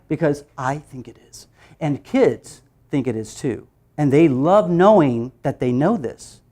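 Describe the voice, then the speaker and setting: A deep-voiced woman runs a phonics teaching workshop with playful energy. She laughs as she goes and acts out the sounds of letters in an animated way.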